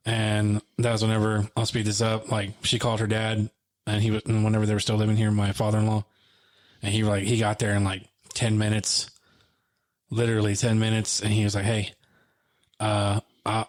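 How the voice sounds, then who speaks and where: A podcast co-host with a lowish voice recounts an emotional story in casual conversation, a little fast and with a completely flat delivery. Along the way he acts out phone calls in quoted dialogue.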